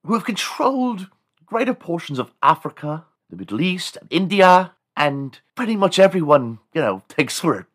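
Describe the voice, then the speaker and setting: A man voicing a pompous, posh English colonist gentleman in a mock English accent, drawn out and mannered. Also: a little high, big pitch swings, moderate pace, pitched above the performer's own voice.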